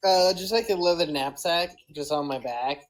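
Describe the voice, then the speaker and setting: Brief: woman at a tabletop game, low voice, casual and matter-of-fact. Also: moderate pace. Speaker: player.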